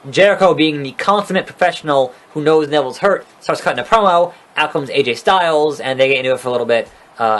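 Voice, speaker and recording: A man's voice: on the high side, a bit bright. A man giving a casual, rambling recap of a wrestling show, swearing freely and sounding exasperated and sarcastic.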